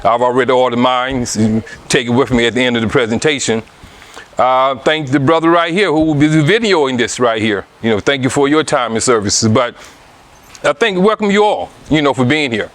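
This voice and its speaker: A man's voice: mid-range voice, lively intonation, brisk. A middle-aged man from Alabama with a Southern accent, giving a public talk about his book to a live audience, with many restarts and fillers.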